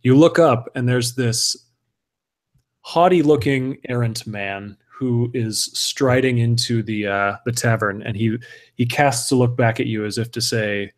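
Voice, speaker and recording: A man's voice: medium pitch, steady tone, unhurried. Man running a tabletop game. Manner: hesitant, many fillers. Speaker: game master.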